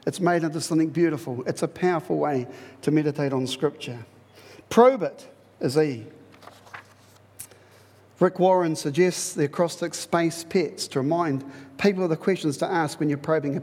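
High-voiced New pastor preaching. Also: male voice, slightly rough, big-room sound. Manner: animated, conversational preaching with repeated phrases. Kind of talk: sermon.

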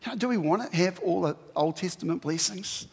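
A man preaching in a church, his voice sitting high for a man. He keeps it conversational and animated and poses questions to the congregation. A long reverb trails behind his words. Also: fairly quick, vocal fry, husky. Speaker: pastor. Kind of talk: sermon.

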